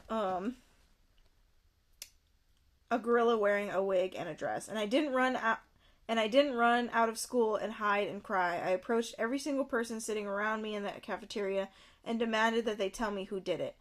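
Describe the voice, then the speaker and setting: A young woman streaming herself reading a book aloud and reacting, animated and quick to exclaim and repeat herself. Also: a little high.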